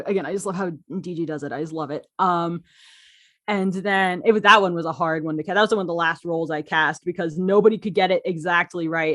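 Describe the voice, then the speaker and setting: A woman talking as a podcast guest about the characters she writes and voices. She tells stories eagerly, laughs often and uses many fillers. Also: fairly low pitch. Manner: excitable, animated storytelling. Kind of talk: casual interview chat.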